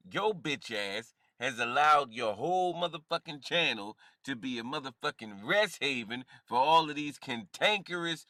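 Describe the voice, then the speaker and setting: A man streams his reaction with heated, mocking commentary, his voice swinging widely up and down. The tone is bright and edgy, and the sound is dry and close. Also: fairly high pitch, dry recording. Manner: heated, mocking, laughs often.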